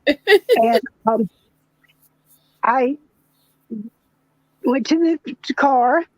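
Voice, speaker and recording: An older woman telling folksy stories slowly in casual chat. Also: sits high, darkish tone, no echo. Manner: slow, folksy storytelling with pauses. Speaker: chat participant. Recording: dull, muffled sound.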